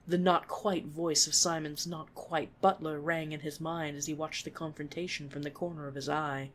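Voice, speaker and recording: A reader narrating fan fiction aloud at a mid pitch. The delivery is steady and expressive, shifting into the characters as they speak. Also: moderate pace, hardly any pauses.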